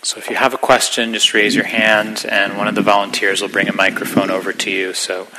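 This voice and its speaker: A middle-aged man giving a gentle, reflective dharma talk as a meditation teacher, sometimes dropping to a whisper. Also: on the low side, monotone, a little fast, background noise.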